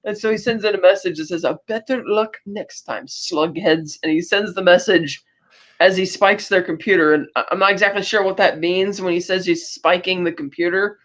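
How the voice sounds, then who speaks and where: A woman's voice: on the low side, fairly even intonation, fairly quick, a bit bright, highs cut off. A woman co-hosting a podcast, casually retelling film scenes and acting out the characters' lines. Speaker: podcast co-host. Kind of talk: casual movie recap chat.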